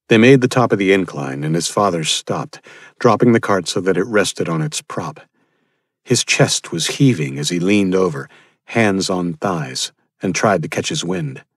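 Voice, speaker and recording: A man reading a thriller audiobook in a steady, measured storytelling voice. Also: low-pitched, breathy edge, no echo, studio quality. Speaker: audiobook narrator. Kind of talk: scripted narration.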